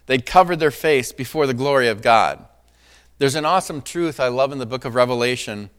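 A man's voice: mid-range voice, a bit bright, smooth. A man preaching a sermon, reading scripture with dramatic emphasis and often checking in with "right?" and "amen?". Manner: conversational preaching, frequent "right?" and "Amen?" asides. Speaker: pastor.

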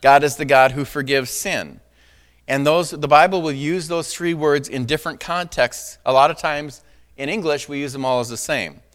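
This preacher's voice is on the high side and fairly bright, at a normal speed. He reads scripture with dramatic emphasis, and his conversational sermon often pauses for "right?" or "amen?"

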